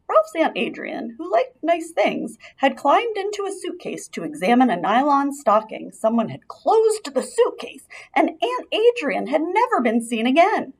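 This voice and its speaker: A woman narrating a children's storybook aloud as an expressive, lively storyteller. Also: sits high, a little slow, hardly any pauses. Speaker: audiobook reader.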